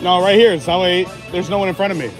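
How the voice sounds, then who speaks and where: A man's voice: high-pitched, steady tone, fast talker, music in the background. A man hosting a casual live stream outdoors at a theme park, chatting and laughing often while walking around.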